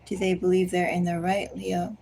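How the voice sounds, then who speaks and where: A woman giving a collective tarot reading, speaking slowly and deliberately and repeatedly addressing the listener by star sign. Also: on the low side, completely flat delivery, vocal fry, warm tone, slightly rough, low-quality recording. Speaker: tarot reader.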